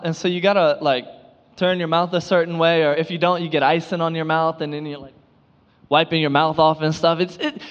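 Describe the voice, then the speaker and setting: A man preaching a sermon, telling playful everyday stories with mock surprise and animated delivery. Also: fairly high pitch, in a large hall, dull audio. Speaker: pastor.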